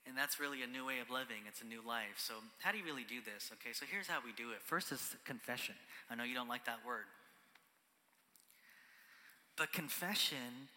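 A man's voice: mid-range voice, quick pace, few pauses, bright, forceful tone. A pastor in his thirties giving a conversational sermon, checking in with "right?" and dropping to a whisper for emphasis. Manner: conversational preaching, often ends on "right?", drops to a whisper for emphasis. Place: large church hall. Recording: church hall with long reverb.

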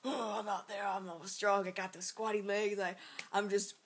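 A young woman making her pitch in a party card game, teasing and laughing as she goes. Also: little pitch movement, normal speed, slight background noise. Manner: playful, teasing, bursts of laughter. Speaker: game player. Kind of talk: casual chat, playing a card game.

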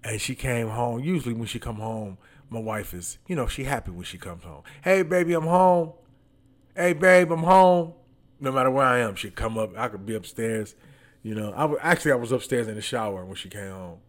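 A man's voice: fairly low pitch, fairly quick, fairly bright tone. A man hosting a podcast with a slight lisp from braces, telling stories in a loose, teasing, candid way. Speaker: podcast host. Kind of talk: casual storytelling monologue.

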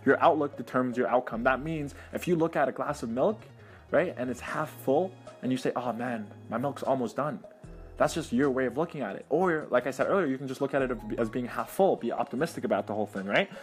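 A man telling motivational stories in an energetic, casual way, often checking in with the listener. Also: medium pitch, fast talker, soft background music. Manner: energetic, keeps checking in with "right?" and "you know what I mean?". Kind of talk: motivational storytelling.

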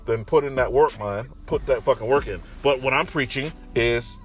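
A man's voice: medium pitch, normal speed. A man talking in a casual, profane, rambling monologue from his car, parked in a parking garage. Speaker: commentary vlogger. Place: parking garage with construction nearby.

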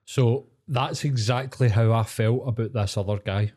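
A man's voice: mid-range voice, moderate pace, warm tone. A young man telling stories in casual, sweary podcast banter. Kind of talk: casual chat.

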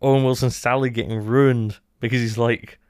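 A man's voice: mid-range voice, steady tone, normal speed, darkish tone, smooth, no room sound, clean studio sound. A man, co-hosting a casual review chat, musing thoughtfully with many filler words. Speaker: podcast co-host.

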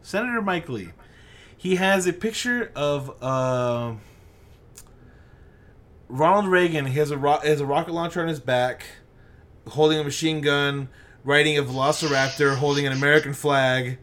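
A man's voice: on the high side, normal speed, pauses often, a bit bright. A man in casual chat, telling a story with lots of swearing and mimicked voices.

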